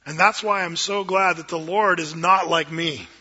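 A middle-aged man, a pastor preaching a sermon in an animated, joking way that acts out quoted voices. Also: a little high, moderate pace, slightly rough, muffled recording.

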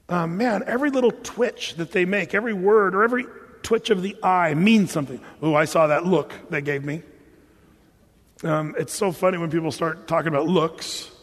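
A high-voiced male pastor giving a sermon in a loose, conversational way, full of jokes and asides. His voice carries a long reverb from the church hall he speaks in. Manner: conversational and joking, with lots of asides. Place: church sanctuary.

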